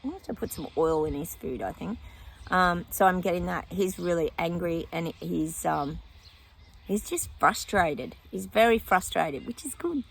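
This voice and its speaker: A woman's voice: on the low side, animated, measured pace, vocal fry, slightly rough. A woman psychic vlogging her predictions outdoors in casual chat, often breaking off to talk to her dog.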